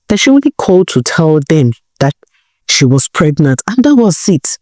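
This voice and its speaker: Expressive woman telling folk tales. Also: low-pitched, moderate pace, dry recording, studio quality. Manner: conversational, expressive, animated. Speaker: storyteller. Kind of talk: folk tale narration.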